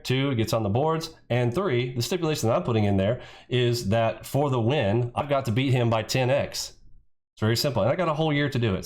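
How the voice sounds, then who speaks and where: Heated, mocking man ranting. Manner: heated, mocking, swears freely; mimics his rival in shrill yells. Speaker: trading video host. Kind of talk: ranting reaction commentary.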